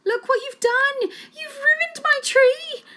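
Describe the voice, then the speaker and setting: A woman voicing a panicky, excitable mother who talks in a shrill, frantic rush. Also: fairly quick, exaggerated voice.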